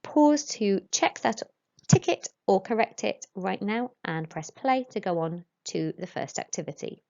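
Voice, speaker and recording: Slow, careful woman teaching French. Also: mid-range voice, expressive, gravelly, darkish tone. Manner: slow, careful modelling of pronunciation for pupils. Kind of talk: recorded classroom lesson. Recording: dull lo-fi recording.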